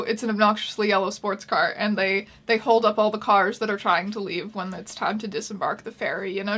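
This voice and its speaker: A woman hosting a comedic book reading with wry, deadpan asides. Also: fairly high pitch. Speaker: YouTube host.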